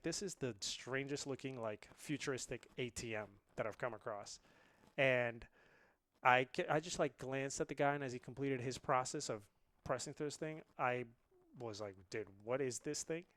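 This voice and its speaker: A man in his late twenties, originally from India, telling a story as a podcast guest in a lively, laughing way. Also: medium pitch, normal speed, dry recording. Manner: animated, laughs often. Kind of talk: casual storytelling.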